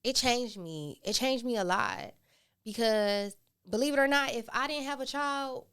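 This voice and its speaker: A woman in her thirties, a guest on a casual podcast, tells her stories in a candid, lively way. Her voice sits a little high and sounds smooth and clear. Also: unhurried. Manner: candid, animated storytelling.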